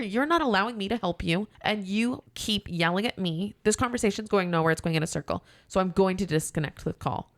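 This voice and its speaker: A woman guest on a podcast, telling a story in a casual, animated way and acting out both sides of a phone call. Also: mid-range voice, fast talker, few pauses, dry recording.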